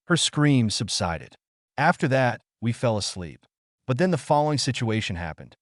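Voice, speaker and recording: A man narrating a first-person story in an expressive, dramatic way. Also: mid-range voice, normal speed, dry recording, clean studio sound.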